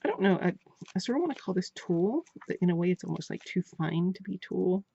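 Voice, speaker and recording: A woman's voice: on the low side, animated, quick pace, vocal fry, warm tone, husky. A woman vlogger chatting casually while unboxing crafts, gushing and repeating her praise. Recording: dull lo-fi home recording.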